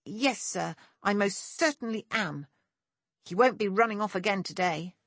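A woman's voice: medium pitch, measured pace, fairly bright tone, slightly rough, dry recording, pitched above the performer's own voice. A woman voicing a determined, proud young boy who speaks earnestly and eagerly, in an audiobook. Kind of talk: audiobook character voice.

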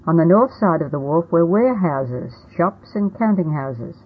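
A woman narrates a first-person storybook in a plain, steady reading manner. Her voice is low and husky. The audio is narrow and tinny, as if heard over a phone. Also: normal speed.

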